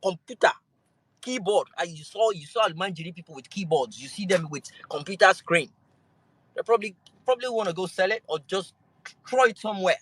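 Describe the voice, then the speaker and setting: A man's voice: high-pitched, expressive, a little fast, fairly bright tone, husky, no echo, rough recording. A man giving an impassioned speech on a live audio chat, building his points through repeated rousing lines. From Nigeria. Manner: rousing, repetitive oratory. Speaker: speaker on a live audio space.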